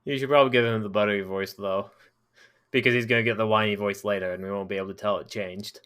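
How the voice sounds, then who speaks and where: A man's voice: fairly low pitch, steady tone, quick pace, fairly bright tone, clean tone. A man playing in a tabletop game, chatting casually with the game master and offering joking suggestions. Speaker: player. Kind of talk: casual chat.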